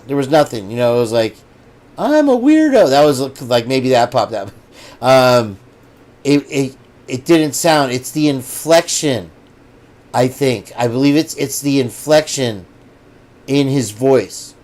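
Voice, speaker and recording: A man hosting a casual livestream, rambling and chatting straight to his viewers. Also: medium pitch. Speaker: host.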